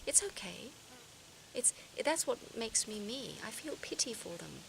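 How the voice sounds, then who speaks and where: A woman's voice: fairly high pitch, big pitch swings, unhurried, vocal fry, a bit bright, rough recording. A woman speaking reflectively to her viewers in a personal vlog, earnest and searching, often restarting her sentences. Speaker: vlogger. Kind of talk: reflective personal talk to camera. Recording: outdoor noise behind voice.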